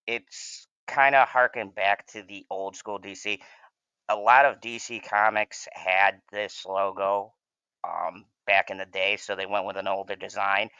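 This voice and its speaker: Male fan host, lower voice, dry close sound, heated profane reaction rant. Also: pushed and bright, clean tone, no echo, highs cut off.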